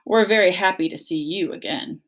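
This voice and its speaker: A woman's voice: fairly low pitch, moderate pace, a bit bright, natural voice. A woman voicing a sarcastic, bossy young female bear.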